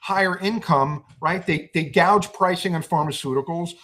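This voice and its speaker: A man's voice: a little high, moderate pace, a bit bright. A man speaking as a podcast guest in a heated political discussion, angry and impassioned, swearing and restarting his sentences.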